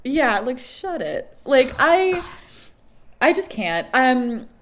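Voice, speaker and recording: A woman's voice: sits high, big pitch swings, takes it slowly, slight background noise. A woman co-hosting a podcast in casual chat, agreeing often and laughing easily. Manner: agreeable, laughs often, frequent "yeah" backchannels. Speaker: podcast co-host.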